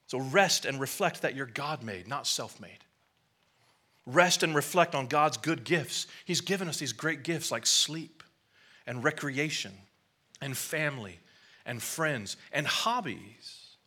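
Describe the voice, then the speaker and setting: A middle-aged man preaches a sermon in a relaxed, storytelling manner, often turning to the congregation with asides. His voice is bright and a little higher than most men's. He sounds like a pastor talking with his church rather than lecturing it. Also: unhurried.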